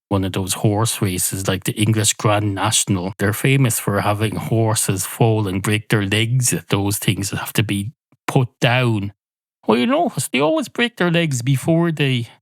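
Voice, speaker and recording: A man hosting his own podcast, delivering a meandering, absurd comic monologue in a deadpan way. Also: medium pitch, no room sound. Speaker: podcast host.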